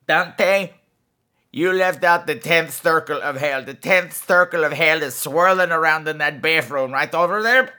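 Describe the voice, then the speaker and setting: A man voicing a gleeful, vicious male gargoyle on a comedy podcast, gloating and swinging between shrill squeals and low growls. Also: unhurried, pushed and bright. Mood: ranting. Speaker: podcast host. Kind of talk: comedy podcast character monologue.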